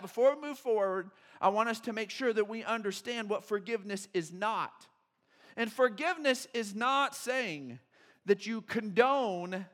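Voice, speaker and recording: Male pastor, very high voice, sermon delivery, animated, acts out quotes. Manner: animated, acts out quotes, swings from loud to hushed. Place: church sanctuary.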